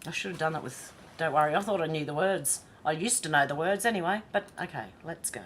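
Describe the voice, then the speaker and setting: An Australian woman hosting a casual livestream, chatty and self-mocking and quick to laugh. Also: deep voice, slight background noise. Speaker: livestream host.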